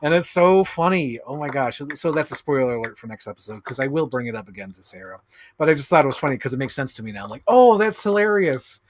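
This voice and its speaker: A man in his thirties rambles through a casual unboxing stream at a middling pitch. He talks in an excitable, chatty way and keeps breaking into laughs. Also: fast talker, slight background noise. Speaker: streamer host. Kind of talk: casual chat while unboxing collectibles.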